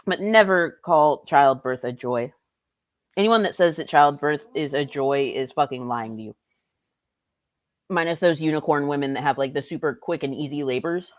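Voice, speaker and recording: A woman's voice: sits low, moderate pace, no room sound, dull audio. A young woman streaming live, reacting in a blunt, profane and sarcastic way. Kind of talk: casual live-stream commentary.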